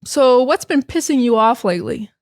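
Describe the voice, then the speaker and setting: A woman's voice: a little high, animated, moderate pace, creaky, no room sound, studio quality. A young American woman teaching English in a casual podcast style, chatty and full of fillers and restarts.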